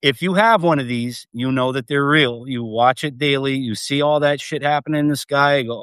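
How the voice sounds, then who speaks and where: Rambling excitable man on a live stream. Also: mid-range voice, normal speed, hardly any pauses, clear, resonant tone, dry recording. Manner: rambling, excitable, swears freely, many fillers. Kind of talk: casual live stream monologue.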